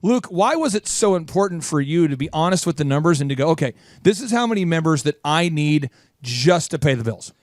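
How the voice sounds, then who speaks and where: A man hosting a business talk show, with a bright, high-pitched voice. He keeps up an energetic, playful manner and pushes the talk along with leading questions. The sound is dry and close, with no room echo. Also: a little fast. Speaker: host.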